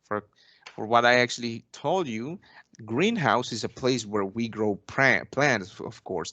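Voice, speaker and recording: A young man plays the teacher in an English lesson role-play. His pitch is average for a man, and his phrasing is formal and polite, padded with "actually" and restarts. The sound is dry and close, with almost no room echo. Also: a little slow, bright, forceful tone, lo-fi sound. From Mexico. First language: Spanish. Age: young adult.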